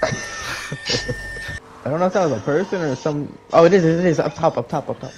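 A man's voice: fairly high pitch, normal speed, heavy background noise. A young man playing a video game with friends, laughing a lot as he talks. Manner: giggly, laughs a lot between lines. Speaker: gamer. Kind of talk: casual gaming banter.

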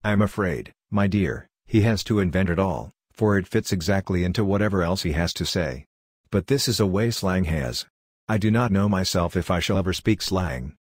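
A man reading an audiobook aloud in a steady, gentle storytelling manner. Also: low voice, no echo, studio quality. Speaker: audiobook reader. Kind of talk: audiobook narration of a letter.

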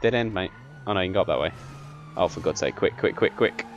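A young man giving casual gameplay commentary, excitable and bossy when he directs his friend, and laughing often. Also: low voice, quick pace, muffled recording, background noise. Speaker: gaming channel host.

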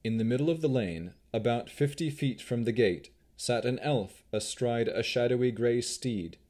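A man giving scripted audiobook narration with expressive, unhurried storytelling. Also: medium pitch.

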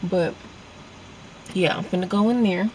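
A woman's voice: fairly low pitch, measured pace, darkish tone, far from the mic, slight background noise. A woman, chatting informally to the camera from a parked car. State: frustrated and irritated. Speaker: vlogger. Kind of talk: casual vlog chat.

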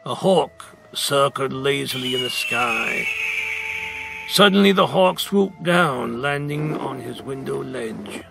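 A male storyteller reads a picture book aloud, slowly and dramatically, leaning on key words. His voice sits a little high with a gravelly texture. Music plays clearly underneath. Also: expressive. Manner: dramatic, slow, emphatic narration. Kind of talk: expressive read-aloud storytelling.

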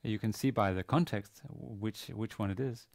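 Hesitant low-voiced male lecturer. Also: normal speed, creaky, no room sound, clean studio sound. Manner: hesitant, many fillers and restarts. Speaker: university lecturer. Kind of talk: classroom lecture. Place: university classroom.

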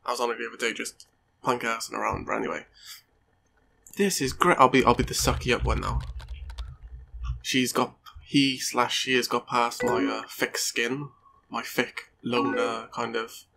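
A man talks over his gameplay in a casual, sweary way, often mocking himself and then saying he is only kidding. His voice has a gravelly fry under a bright, forceful tone. It sounds like a desk microphone with a faint hum of noise behind him. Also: medium pitch, flat delivery, moderate pace. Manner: sweary, joking, self-mocking. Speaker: gaming YouTuber. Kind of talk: let's play commentary.

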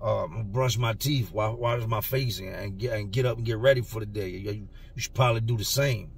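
A man's voice: fairly low pitch, fairly quick, far from the mic, a little hiss or hum, lightly acted. A man doing a fussy older cellmate. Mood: complaining.

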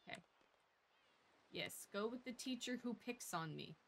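A woman's voice: mid-range voice, animated, a little fast, fairly bright tone, a little hiss or hum. A young woman casually commenting on a game she plays, blunt and sarcastic, swearing freely and reading dialogue aloud. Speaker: gamer. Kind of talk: casual let's-play commentary. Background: game music.

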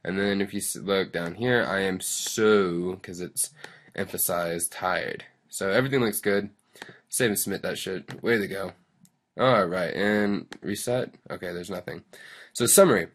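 A man's voice: sits low, moderate pace, fairly bright tone, husky. A young man casually talking through a coding tutorial, reading steps aloud and rambling into self-deprecating asides. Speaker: tutorial host.

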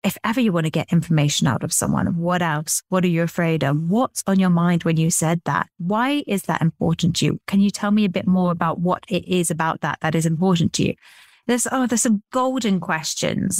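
A chatty English woman co-hosting a sales podcast, telling stories with an animated, easy manner. Her voice sits a little low, recorded close and dry with no room sound. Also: no room sound. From England. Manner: chatty, animated storytelling with laughs. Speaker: podcast co-host. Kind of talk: casual chat.

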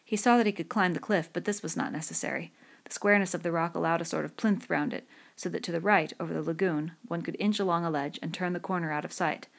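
A woman narrating a novel in a steady, measured voice. Her voice sits fairly low and has a gravelly, creaky texture. The reading is calm and descriptive. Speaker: audiobook reader. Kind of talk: scripted narration.

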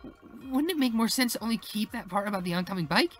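A man's voice: high-pitched, lively intonation, quick pace, fairly bright tone, soft background music, voice pushed up. A man reading the lines of an eager young female trainee, earnest and a bit hesitant. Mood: earnest unsure. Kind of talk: reading game dialogue aloud.

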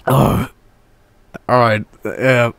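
A man streaming a video game with casual commentary, profane and excitable, often cracking up laughing. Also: mid-range voice, extremely slow, gravelly.

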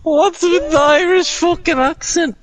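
A man's voice: very high-pitched, steady tone, a little slow, dry recording. A man in casual chat with a friend, blunt and teasing, with casual swearing. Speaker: friend of the host.

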